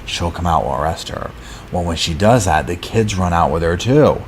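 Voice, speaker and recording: Low-voiced casual true crime host. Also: male voice, lively intonation, normal speed, background noise. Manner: casual storytelling, acts out quotes, lots of fillers. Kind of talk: live chat recap of a docuseries.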